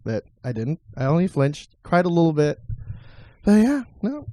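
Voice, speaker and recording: A man's voice: fairly high pitch, sing-song, normal speed, mellow, no echo. A man in his twenties, a guest on a podcast, chatting in an easygoing, joking way. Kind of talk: casual chat.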